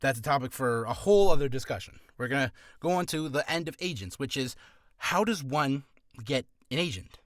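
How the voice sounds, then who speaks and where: A man's voice: medium pitch, expressive, brisk, fairly bright tone, no room sound, studio quality. A man who is a voice actor, giving casual advice in a rambling, self-deprecating, jokey vlog.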